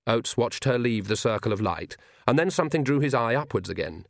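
A man narrating a fantasy audiobook at a middle pitch, steady and even. The recording is dry and close, with no room sound. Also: fairly quick, vocal fry, no room sound.

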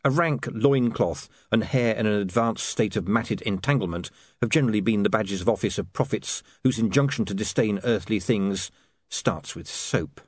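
A man reading an audiobook in a dry, measured manner. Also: lowish voice, no echo. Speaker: narrator.

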